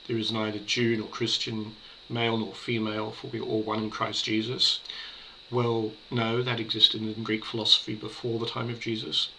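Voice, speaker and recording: A man giving a casual spoken book review, measured and hesitant, pausing on fillers and restarting his sentences. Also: on the low side, bright, forceful tone, slight background noise, poor audio.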